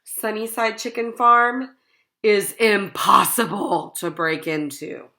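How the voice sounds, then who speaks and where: A woman's voice: mid-range voice, slow. A woman voicing an eager male wolf who leads a gang of misfits in a storybook. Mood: briefing. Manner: excitable, pushy.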